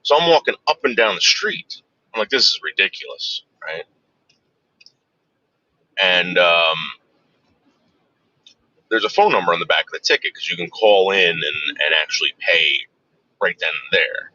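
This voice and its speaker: A man's voice: low voice, animated, measured pace, long pauses, bright, forceful tone, no room sound. A man telling casual, profane stories in a rambling way that keeps doubling back on itself. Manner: profane, rambling, self-interrupting. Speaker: storyteller. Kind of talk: casual anecdote. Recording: dull lo-fi dry recording.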